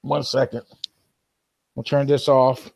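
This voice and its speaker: A man's voice: mid-range voice, little pitch movement, takes it slowly, gravelly, a little mellow. Casual man hosting a live call-in stream. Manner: chatty, addresses viewers and mods directly.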